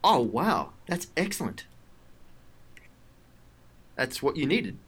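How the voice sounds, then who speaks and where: A man's voice: mid-range voice, sing-song, takes it slowly, husky. A man narrating as game master of a tabletop game, talking with frequent restarts and hesitations. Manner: hesitant, with many restarts and fillers.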